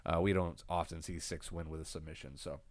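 A man's voice: deep voice, steady tone, a little fast, dry recording. A man co-hosting a casual recap chat, laid-back and swearing freely, getting over a cold. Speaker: podcast co-host recapping wrestling.

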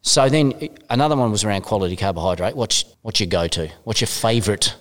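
A man's voice: lowish voice, fast. A man hosting a casual podcast interview, talking in a chatty, enthusiastic way with the odd casual swear. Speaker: podcast host. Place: gym.

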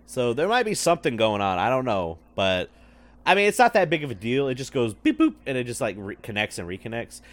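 Casual podcast co-host, male, lively swinging delivery, bright tone, loose and profane, on a headset mic. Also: medium pitch, brisk. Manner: loose and profane, laughs often. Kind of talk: casual chat. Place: office. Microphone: wireless headset.

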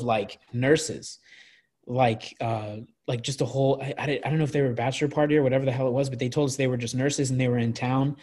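A man's voice: medium pitch, darkish tone. A man in his twenties telling party stories in casual chat, rambling with lots of restarts and swearing. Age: 20s. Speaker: guest.

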